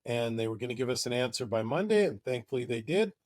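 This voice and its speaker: A man's voice: medium pitch, animated, fast talker, a little mellow, no echo, studio quality. Enthusiastic man presenting a webinar. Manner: enthusiastic and conversational. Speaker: marketing agency presenter.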